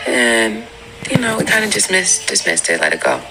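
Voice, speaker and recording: A woman, a mother of twins, retelling a strange event gently and slowly, with a gravelly voice. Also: very deep voice, wildly swooping pitch, music in the background, low-quality recording. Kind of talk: casual storytelling.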